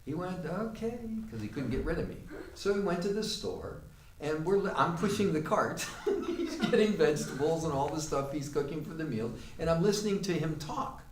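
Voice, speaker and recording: Storytelling male acting teacher, roomy distant sound. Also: fairly high pitch. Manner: conversational storytelling with fillers. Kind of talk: classroom lecture with anecdote. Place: acting class studio. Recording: roomy, distant mic with faint noise.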